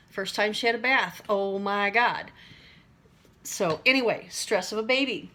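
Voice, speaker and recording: At normal speed, a middle-aged woman with a medium-pitched, pushed and bright voice talks casually to camera about the stresses of everyday life. It's a rambling teaching monologue full of acted-out voices and self-directed laughter.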